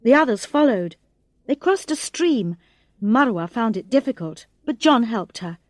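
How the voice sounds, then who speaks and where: A woman reading a graded English storybook aloud in a slow, clear narration, voicing the characters' lines expressively. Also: a little high, animated, no echo. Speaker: audiobook reader.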